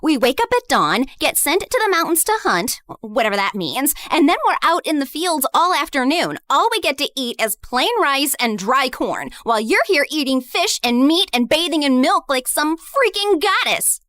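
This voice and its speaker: A woman voicing a spiteful, bitter teenage girl in an animated story, sneering and hurling harsh insults. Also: high voice, moderate pace, hardly any pauses, no echo, clean studio sound. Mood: scornful.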